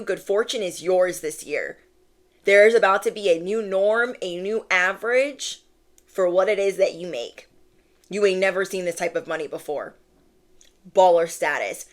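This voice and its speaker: A woman in her thirties giving a spiritual reading to her viewers, emphatic and playful, repeating phrases for effect. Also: medium pitch. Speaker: intuitive tarot reader.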